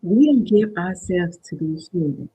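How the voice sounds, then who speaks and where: This motivational workshop host, streaming live, has a lowish, mellow voice with a breathy edge, speaking expressively at normal speed. She chats directly with viewers and often asks "right?" to confirm they're following, though the audio is poor.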